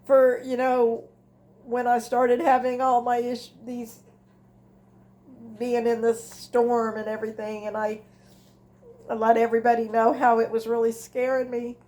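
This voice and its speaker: A woman's voice: fairly high pitch, monotone, a little slow, darkish tone. A woman, older, talking candidly and emotionally about her grief in a personal vlog from home, rambling with restarts. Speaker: grief vlogger. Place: at home, indoors. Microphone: device camera.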